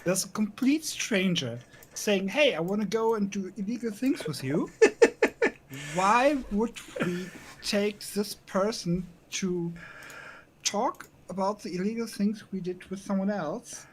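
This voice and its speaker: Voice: mid-range voice, a little slow, slight background noise, rough recording. Blunt player arguing his point. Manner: blunt, argues logically. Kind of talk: casual tabletop play.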